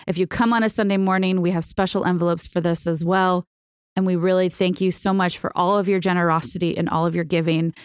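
A woman's voice: on the low side, fairly even intonation, fast talker, clear, resonant tone, no echo, clean studio sound. A woman co-hosting a church podcast, cheerful and chatty. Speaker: podcast co-host. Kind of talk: casual church podcast chat.

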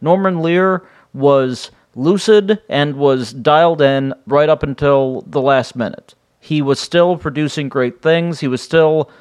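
A man's voice: a little high, a little slow, a little mellow, clean tone. A man hosting his own podcast, talking casually on his own, rambling and often restarting his sentences. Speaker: podcast host. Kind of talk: casual solo podcast monologue.

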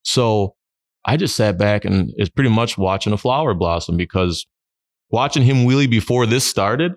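A middle-aged man with a lowish voice tells stories as a podcast guest. He laughs often and slips into his friends' voices as he acts out their lines. The recording is close and dry. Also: moderate pace, dry recording. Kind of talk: storytelling in a podcast interview.

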